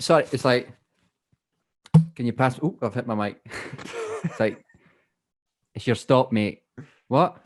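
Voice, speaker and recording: Young male co-host on a video call, mid-pitched, halting and jokey. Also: animated. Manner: apologetic, joking, halting. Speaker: podcast co-host. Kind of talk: casual chat.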